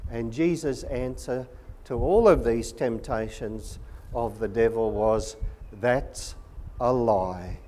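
A man preaching a sermon in an earnest, measured and emphatic way. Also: medium pitch, mellow.

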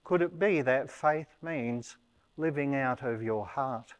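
A man delivering a sermon at an unhurried, deliberate pace, with a voice of ordinary middle pitch. He explains a passage point by point in a measured, teaching way. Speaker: preacher.

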